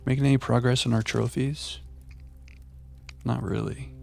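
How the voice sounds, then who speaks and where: A man streaming a puzzle game live, chatting playfully with viewers and thinking out loud. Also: medium pitch, fairly even intonation, unhurried, vocal fry. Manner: playful, chatting to viewers while musing aloud. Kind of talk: live gameplay commentary.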